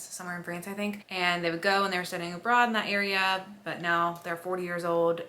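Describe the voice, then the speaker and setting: Young female vlogger, chatty and animated, bright tone, casual to-camera update. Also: fairly low pitch. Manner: chatty and excitable, rambling asides. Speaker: book vlogger. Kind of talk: casual vlog chat to camera.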